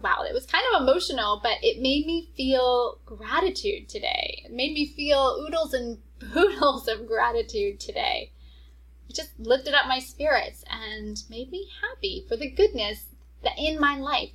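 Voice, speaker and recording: A woman's voice: fairly high pitch, fairly bright tone, husky, low-quality recording. A woman in her forties hosting a solo podcast, speaking to her listeners in a heartfelt, encouraging way. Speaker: podcast host.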